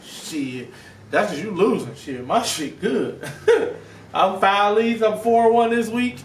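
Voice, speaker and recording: A man hosting a podcast, a casual sports chat full of loud, joking trash talk. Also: high-pitched, takes it slowly. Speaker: podcast host. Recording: echoey room with faint noise.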